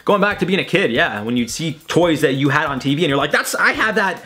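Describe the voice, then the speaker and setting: A man's voice: a little high, expressive, fast talker, a bit bright, soft background music. A young man hosting a casual reaction video, rambling and swearing through his commentary. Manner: chatty, swearing, rambling with lots of likes. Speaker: host.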